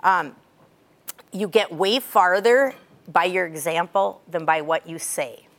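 A woman's voice: on the low side, slow. Chatty middle-aged woman cheer coach. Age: 50s. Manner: lively, chatty storyteller with sudden bursts of emphasis. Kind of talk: coaching talk to a group of athletes.

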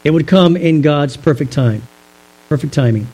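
High-voiced man preaching a Bible study. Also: dark tone, poor audio. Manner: measured, explanatory, with rhetorical questions. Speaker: pastor. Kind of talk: Bible teaching sermon.

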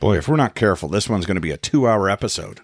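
A middle-aged man hosting a podcast, telling stories in a wry, profane, animated way. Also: fairly low pitch, racing, breathy edge, dry recording, studio quality. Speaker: podcast host and comedian. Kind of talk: casual storytelling chat.

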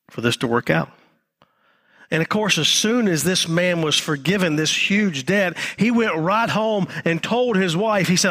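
A pastor delivering a live sermon in a fairly high male voice. He repeats key phrases and sinks to a hushed, low tone for emphasis. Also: animated, normal speed, slightly rough. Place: church.

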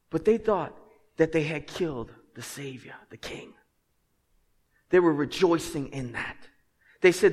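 A man preaching a sermon as pastor. He swings from hushed, earnest passages to loud, emphatic ones and jokes with the congregation. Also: on the high side, moderate pace. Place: church sanctuary. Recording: long reverb of a large hall.

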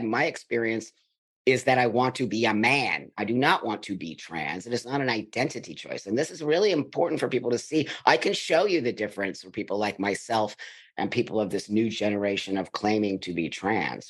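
A man's voice: fairly low pitch, moderate pace, husky. A middle-aged man from the United States, a podcast guest, telling his life story in blunt, emphatic conversation. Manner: emphatic, blunt, animated in retelling.

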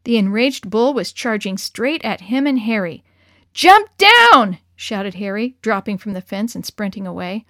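A woman's voice: medium pitch, normal speed, few pauses, dry recording, clean studio sound. A woman reading a children's story aloud, lifting into character voices for the dialogue.

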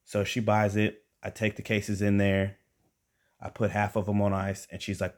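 A young man telling a comic personal story, animated and chatty, talking straight to his listeners. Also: on the low side, moderate pace. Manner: animated, conversational, addresses listeners directly. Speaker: storyteller and podcast host.

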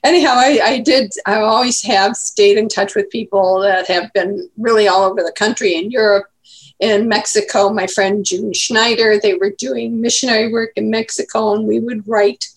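Chatty grandmother in her eighties, gravelly. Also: medium pitch, fairly even intonation, moderate pace. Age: 80s. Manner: chatty, rambling storyteller. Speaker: guest grandmother. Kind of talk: casual interview chat.

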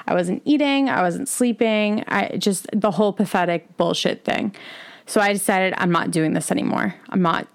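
Woman, 20s, solo podcast host; confessional, rambling delivery, casual profanity. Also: medium pitch. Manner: rambling, confessional, swears freely. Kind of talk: candid solo podcast monologue.

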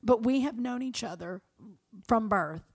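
A woman from Kentucky with a Southern American accent, co-hosting a podcast in an animated, folksy, casual chat. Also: a little high, measured pace. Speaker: podcast co-host.

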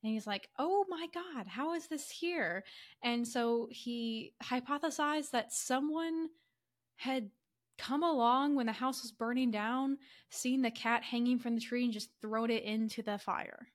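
A woman podcast co-host casually retelling a story, animated and full of fillers, acting out characters' lines in quick quoted voices. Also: fairly high pitch. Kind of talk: casual chatty story summary.

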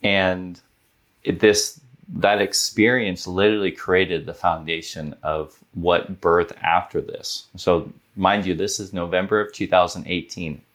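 A man in his thirties, a podcast guest telling a personal story in an earnest, animated way, with many fillers like "like". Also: deep voice, unhurried. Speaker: guest, business owner.

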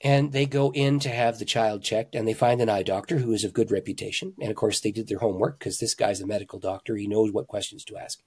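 A man, a pastor and author, telling stories in an interview with animated emphasis, swinging between loud, excited lines and hushed ones. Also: fairly low pitch, fast talker, few pauses, slightly rough. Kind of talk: conversational storytelling.

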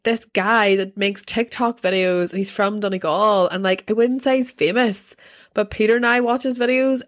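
A podcast co-host who is the mother of a toddler tells a story in casual conversation, rambling, leaning on fillers and laughing often. Her voice is medium-pitched and a bit bright.

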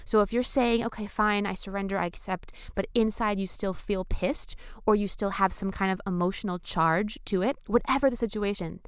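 A woman talking casually and enthusiastically to her viewers about surrender and manifestation, with casual swearing and bursts of excitement. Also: mid-range voice, normal speed, hardly any pauses, clean tone, dry recording, clean studio sound. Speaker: spiritual vlogger. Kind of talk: casual spiritual talk to camera.

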